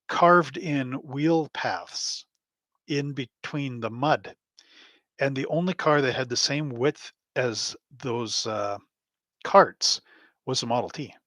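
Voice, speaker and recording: A man's voice: medium pitch, fairly bright tone, dry recording. A man hosting a live stream from his home hobby room, chatting in a rambling, anecdotal way with frequent chuckles. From Canada. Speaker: host. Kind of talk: casual live stream chat.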